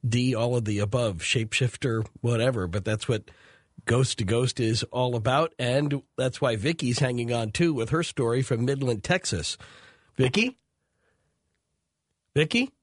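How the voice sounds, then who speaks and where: A man hosting a call-in radio show, summing up a caller's story and moving to the next caller in a measured way. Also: mid-range voice, no echo, clean studio sound. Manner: measured, takes calls and sums up stories.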